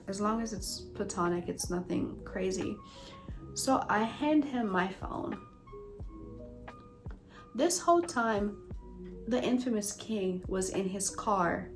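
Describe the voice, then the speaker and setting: A woman vlogger recounting a story to her viewers in a chatty, animated way, full of fillers and asides to the audience. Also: medium pitch, takes it slowly, long pauses, faint music behind, rough recording. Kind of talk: storytime vlog.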